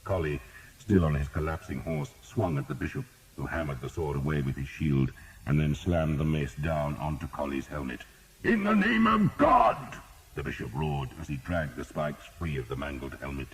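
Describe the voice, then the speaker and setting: A man narrating a historical battle audiobook in steady, measured storytelling. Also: rumbling low, crowd noise, rough recording.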